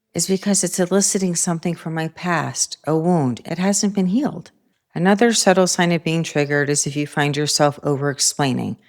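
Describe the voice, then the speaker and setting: Low-voiced woman giving a reflective spiritual talk. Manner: calm, reflective, personal storytelling. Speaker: host. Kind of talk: spiritual self-help talk to camera.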